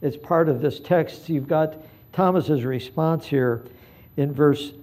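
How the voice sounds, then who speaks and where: A man preaching a live sermon, earnest and pleading, moving between hushed passages and emphatic ones. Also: fairly high pitch, slow. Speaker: pastor.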